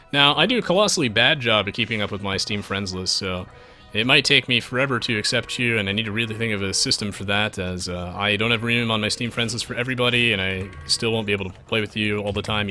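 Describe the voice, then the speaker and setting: A man's voice: fairly low pitch, pushed and bright. A man live-streaming a strategy game, chatting with viewers in a self-mocking, rambling way with lots of restarts.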